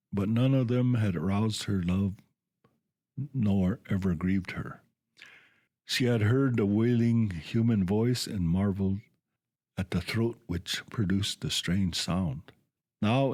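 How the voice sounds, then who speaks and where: A low-voiced man reads a storybook tale aloud on the radio, slowly and carefully. He stumbles and restarts words now and then. The sound is close and dry. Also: darkish tone, no echo. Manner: slow, halting reading with frequent restarts.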